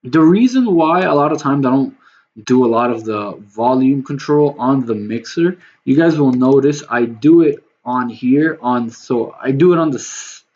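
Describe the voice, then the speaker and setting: A man with a mid-range, darkish voice and lively intonation speaks at normal speed as he produces music on a livestream. Loose and rambling, he swears a little while addressing his chat, and the lo-fi stream audio is slightly dull with faint noise.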